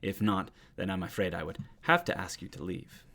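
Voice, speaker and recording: A man's voice: low voice, very animated, a little fast, pushed and bright, heavily acted. Man doing a stiffly polite robot-like warrior. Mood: formal. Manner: formal, courteous.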